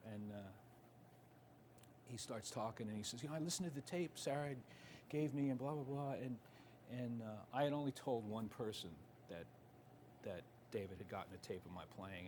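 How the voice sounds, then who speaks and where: A middle-aged man, a guitarist, telling a rambling anecdote in an interview. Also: fairly low pitch. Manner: rambling, with restarts and asides. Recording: noisy ambient background.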